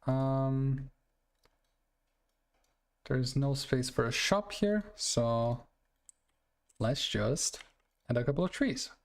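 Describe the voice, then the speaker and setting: A man talks through his city-building game in a loose, rambling way, often correcting himself mid-sentence. His voice sits at an ordinary pitch with a gravelly edge. It sounds like a home stream on a desk mic. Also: very slow, pauses often. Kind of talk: casual gameplay commentary.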